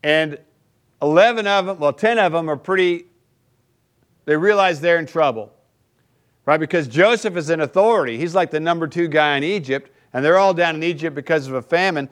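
A man's voice: on the high side, a little fast. A male pastor preaching a sermon in a conversational way, often checking in with the listeners by asking "right?".

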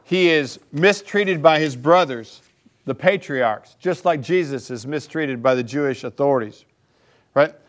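A man's voice: a little high, measured pace. A male pastor preaching a sermon in a conversational way, often checking in with the listeners by asking "right?".

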